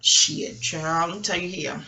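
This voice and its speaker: A woman's voice: on the low side, measured pace. A woman vlogger at home, talking in a rambling casual monologue full of profanity and laughter as she reviews reality TV. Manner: profane, animated ranting with frequent laughs.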